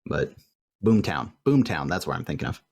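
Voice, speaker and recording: Man, podcast co-host, casual chat, deep voice, very lively pitch. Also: normal speed. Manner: animated, laughs often, slips into quoted voices. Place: home room with light fan noise.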